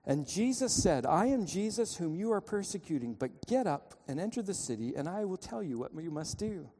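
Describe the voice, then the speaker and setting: A man's voice: high-pitched, sing-song, moderate pace, a little hiss or hum. Storytelling male pastor in a reverberant church. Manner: storytelling, urgent pleading, dramatic shifts in loudness. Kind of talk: sermon. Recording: long reverb of a church hall.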